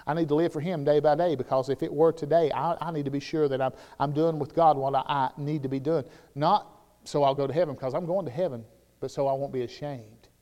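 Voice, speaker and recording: A man with a Southern US accent preaching a sermon, shifting between loud, shouted declarations and quiet, conversational storytelling. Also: on the high side, steady tone, fast talker, highs cut off. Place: church sanctuary. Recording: long reverb of a church hall.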